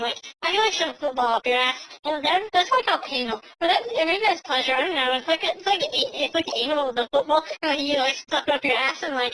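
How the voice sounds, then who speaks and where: A woman's voice: high voice, fairly bright tone, slight background noise, poor audio. A woman voicing a foul-mouthed, drunk young woman gamer who rambles and slurs through her fillers in a comedy skit. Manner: slurred, rambling, full of fillers.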